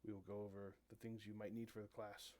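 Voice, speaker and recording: A man's voice: flat delivery, lightly acted. Man as a formal, caring old professor. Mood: tender. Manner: formal, measured, slightly lower and quieter. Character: stern but caring older male professor.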